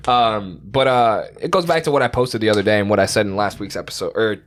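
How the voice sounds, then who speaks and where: A young man with a deep voice co-hosting a podcast, talking bluntly and swearing freely in casual chat. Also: fast talker, a bit bright. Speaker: podcast co-host. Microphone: studio podcast mic.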